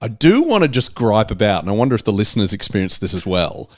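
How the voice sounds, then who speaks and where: A man's voice: lowish voice, fast talker. A man with an Australian accent, hosting a casual football podcast and telling stories with lots of acted-out back-and-forth. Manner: animated storyteller, acts out exchanges. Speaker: podcast host. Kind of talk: casual footy chat.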